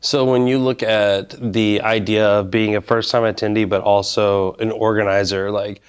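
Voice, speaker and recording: Smooth-voiced man chatting casually. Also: fairly low pitch, normal speed. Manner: relaxed, filler-heavy, rambling talk. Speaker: interviewer. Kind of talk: casual conversation.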